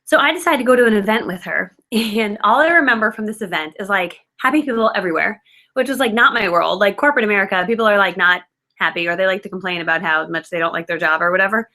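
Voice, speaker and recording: A woman's voice: mid-range voice, fast, bright, forceful tone. A woman in her thirties telling her own story in casual, filler-heavy chat, self-mocking and loose. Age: 30s. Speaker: guest speaker.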